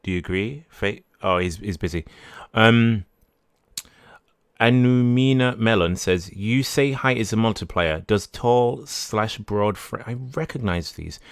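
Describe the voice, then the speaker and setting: A livestream podcast host reads out viewer messages and talks through them off the cuff, often trailing off, restarting, and correcting himself. His low voice is smooth, clean, and unhurried. It's recorded close and dry, with no room sound.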